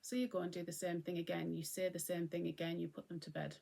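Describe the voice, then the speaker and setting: A middle-aged woman giving a gentle, conversational talk on mindfulness and acceptance as host. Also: on the low side, little pitch movement, fast talker, creaky. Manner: gentle, conversational, often acting out what she would say.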